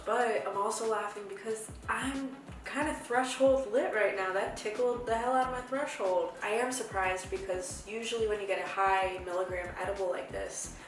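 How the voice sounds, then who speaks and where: A young woman hosting a casual review vlog, chatty, rambling and playful. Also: mid-range voice. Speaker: host reviewing edibles. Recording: echoey room from far off with music.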